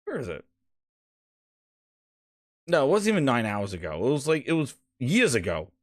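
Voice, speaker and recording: Dude on a gaming podcast cussing and mocking, voice jumps all over, dry close mic. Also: male voice, medium pitch, huge pitch swings, fairly quick, no echo. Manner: profane, mocking, repeats words when riled. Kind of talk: ranting casual commentary.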